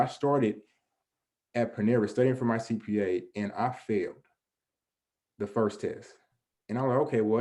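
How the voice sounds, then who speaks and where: A man's voice: on the low side, dark tone. A man giving a motivational presentation to a young audience. He speaks in an earnest, conversational way, often restarting and filling with "you know", and asks and answers his own questions. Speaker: guest presenter.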